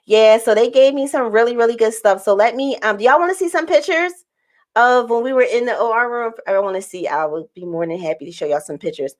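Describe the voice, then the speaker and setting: A woman vlogger telling a story in a chatty, animated way, talking straight to her viewers. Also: a little high, fairly quick.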